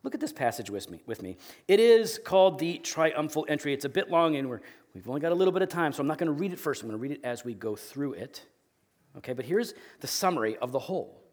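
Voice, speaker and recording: A male pastor in his thirties preaching a sermon, telling candid, self-deprecating stories about his family, with sudden bursts of acted yelling. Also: a little high, sing-song, fast.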